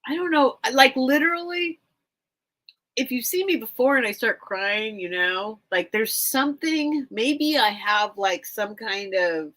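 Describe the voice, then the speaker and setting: A woman's voice: a little high, lively intonation, measured pace, a bit bright. A woman hosting a live online vintage sale from home, rambling and chatting straight to her viewers. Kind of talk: casual live-stream chat.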